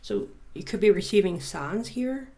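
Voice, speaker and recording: A woman's voice: medium pitch, animated, normal speed, darkish tone. A woman giving a casual tarot reading, reading card messages aloud and musing and joking between them. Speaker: tarot reader.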